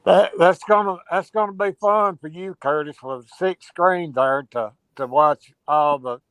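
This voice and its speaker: Higher voiced guy, bright and sharp, teasing folks in a casual chat. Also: measured pace, clear, resonant tone, dry recording. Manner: teasing, chatty.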